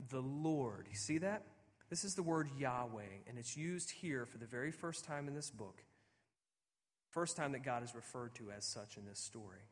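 A male pastor delivering a sermon to a congregation, explaining scripture and telling stories. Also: a little high. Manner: explanatory storytelling, addressing a congregation. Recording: long reverb of a large hall.

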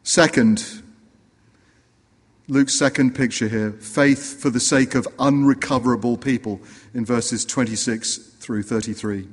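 A man preaching a sermon earnestly, rising for emphasis and dropping low and quiet. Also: steady tone, a little slow, long reverb tail. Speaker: pastor.

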